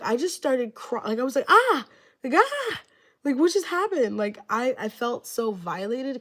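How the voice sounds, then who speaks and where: A young woman telling a story on a livestream in a rambling, casual way, filling nearly every phrase with "like". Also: mid-range voice. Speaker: livestreamer giving readings.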